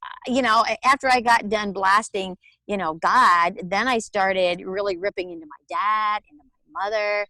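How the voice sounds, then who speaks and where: A woman's voice: medium pitch, moderate pace, no room sound. Candid Midwestern woman telling her story. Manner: candid, animated storytelling with laughs and acted-out quotes. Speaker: guest, author and alternative healer. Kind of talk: personal story in an interview.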